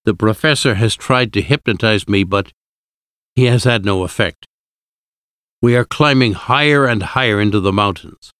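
A male narrator reads an audiobook in a steady, even voice. His pitch sits low, and the recording is close and dry. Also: moderate pace, clean tone, no echo. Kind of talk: scripted narration.

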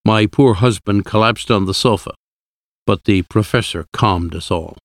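A man narrates an audiobook in a steady, even storytelling manner, reading scripted narration. His voice is on the low side at a moderate pace, recorded in studio quality with no echo.

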